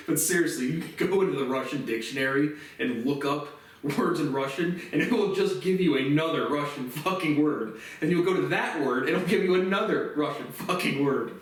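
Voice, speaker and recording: A man giving a casual spoken movie review, rambling and relaxed, often restarting his sentences and swearing casually. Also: on the high side, brisk. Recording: very echoey room, distant mic.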